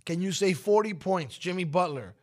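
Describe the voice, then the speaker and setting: A man hosting a casual morning radio show, joking around in a wry, deadpan way. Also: high-pitched, normal speed. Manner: wry, dry, deadpan jokes. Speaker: radio host.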